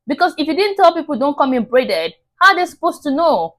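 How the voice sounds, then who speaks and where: Woman reaction host, higher voice with lively pitch, reasoned indignant commentary. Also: a little fast.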